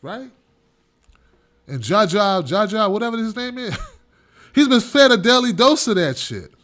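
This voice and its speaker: A man's voice: high-pitched, big pitch swings, unhurried, fairly bright tone. A man hosting his own show, delivering an emphatic, repetitive opinion monologue with a ranting edge. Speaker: show host.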